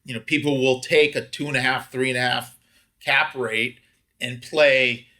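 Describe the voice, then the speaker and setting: A man's voice: medium pitch, fairly even intonation, moderate pace, bright, forceful tone. A man hosting a podcast, explaining points plainly in casual chat. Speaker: podcast host.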